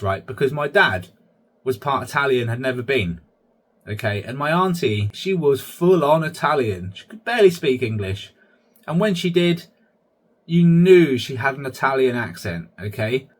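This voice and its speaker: Chatty husky man hosting a vlog. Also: mid-range voice. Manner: chatty, keeps addressing viewers as guys. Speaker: channel host. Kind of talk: casual vlog commentary.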